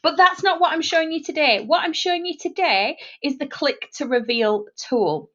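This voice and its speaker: A woman's voice: high voice, expressive, normal speed, a bit bright. A woman who teaches math explains a whiteboard tool step by step in a screen-recorded tutorial. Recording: dull lo-fi sound.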